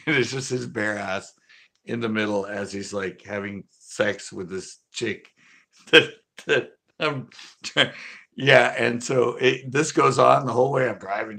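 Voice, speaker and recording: A creaky, medium-pitched male voice belongs to a channel host on a casual livestream. He rambles through a story from his youth, animated and laughing often.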